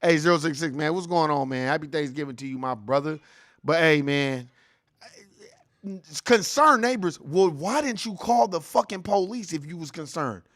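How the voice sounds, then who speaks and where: A man's voice: a little high, normal speed, no room sound, studio quality. A man in his forties hosting a ranting reaction commentary, profane, heated and mocking. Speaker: host.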